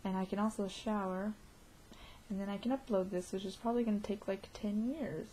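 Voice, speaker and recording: A woman vlogging a casual video diary, excitable and giggly, rambling from one thought to the next. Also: mid-range voice, a little fast, a little hiss or hum.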